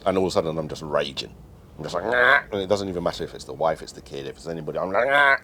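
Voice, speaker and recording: A man talking bluntly in casual chat, swearing freely and getting animated. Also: extremely low pitch, racing, a little hiss or hum.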